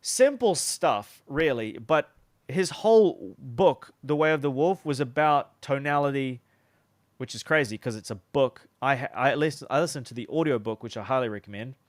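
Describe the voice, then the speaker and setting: A man's voice: medium pitch, animated, moderate pace, no room sound, clean studio sound. A young man teaching sales in a loose, chatty way, often restarting his sentences. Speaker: sales coach. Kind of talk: casual teaching talk.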